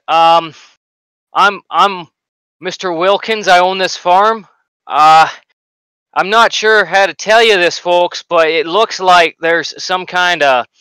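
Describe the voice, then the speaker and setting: A man's voice: fairly high pitch, pushed and bright, clear, resonant tone, dry recording, voice pushed up, poor audio. A man doing a folksy nervous farmer. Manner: folksy, polite, rambling. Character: nervous male farmer hiding in basement.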